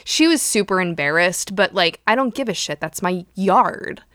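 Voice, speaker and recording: A woman co-hosting a podcast in casual chat, an animated storyteller who swears freely. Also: fairly low pitch, normal speed, no room sound, clean studio sound. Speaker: podcast co-host.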